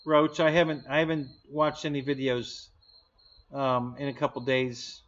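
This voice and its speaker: A man's voice: mid-range voice, flat delivery, unhurried, fairly bright tone. A man hosting a casual live stream, answering chat with jokes and frequent laughter. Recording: dull lo-fi stream audio.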